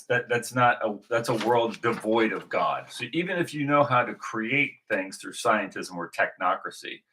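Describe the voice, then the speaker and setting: Bright-toned man in a rambling monologue. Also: low voice. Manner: rambling, many restarts and fillers. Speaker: video host. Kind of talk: unscripted religious monologue.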